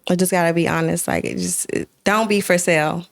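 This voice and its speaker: A woman's voice: lowish voice, steady tone, fairly quick, vocal fry, no echo, clean studio sound. A woman talking as an interview guest in casual chat, earnest and heartfelt, with many fillers.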